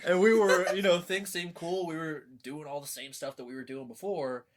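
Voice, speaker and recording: A man's voice: on the high side, level tone, moderate pace. A young man, a podcast guest, telling a long story in casual chat, rambling with lots of fillers and swearing. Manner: rambling, profane, many fillers.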